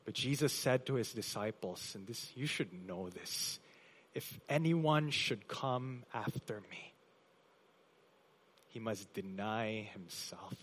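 A man pastor preaching a sermon in a church, with emphatic delivery that swells loud on key phrases and drops soft. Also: on the low side, expressive, slow, slight background noise. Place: church hall.

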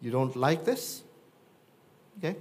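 A man, preaching a sermon and acting out quoted voices with lively swings. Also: slow. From Philippines. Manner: animated, acts out quoted voices with big pitch jumps. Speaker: pastor.

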